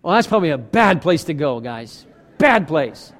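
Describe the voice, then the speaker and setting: A male pastor preaching with a high, bright-toned voice, swinging between hushed asides and loud acted-out quotes. His words ring with a long reverb from a large hall. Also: moderate pace. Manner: animated preaching, acting out quoted arguments, self-deprecating asides. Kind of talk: sermon.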